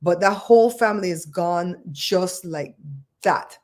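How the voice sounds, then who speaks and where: A woman hosting a casual livestream, chatting and telling stories in an expressive way. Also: fairly low pitch, unhurried. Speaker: livestream host.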